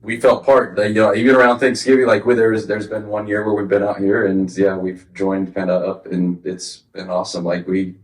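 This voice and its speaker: Man, low voice, podcast guest, relaxed filler-heavy chat, roomy. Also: fairly quick, hardly any pauses. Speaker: guest optometrist. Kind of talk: casual chat.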